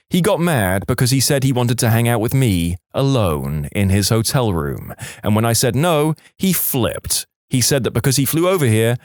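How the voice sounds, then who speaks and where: A man reads out listener stories as scripted narration in a mid-range voice that's lively and swings up and down a lot. Recorded close to the mic, the sound is dry, with no room echo.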